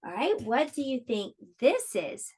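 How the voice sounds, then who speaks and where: A woman teaching an online preschool lesson, speaking slowly and encouragingly to small children. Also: sits high, very animated, darkish tone. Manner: slow, encouraging, clearly explaining to small children.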